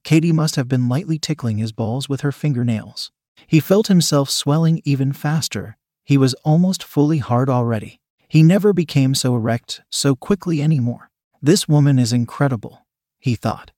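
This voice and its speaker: A man narrating a scripted erotic story in a steady, even reading voice. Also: mid-range voice, moderate pace, no room sound, clean studio sound.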